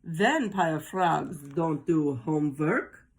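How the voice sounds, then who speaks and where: Woman as silly storybook boy frog, excitable, exclaiming. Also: sits low, slow pace, voice pushed down, exaggerated voice, poor audio. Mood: excited. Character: silly little boy frog, playful and dramatic.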